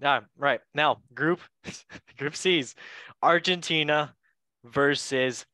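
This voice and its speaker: Young dude running a soccer picks show, laughs a lot, slightly high voice, dead dry room. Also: male voice, slow, pushed and bright, dry recording. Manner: playful, laughs often, goofy asides. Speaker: podcast host. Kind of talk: casual football chat.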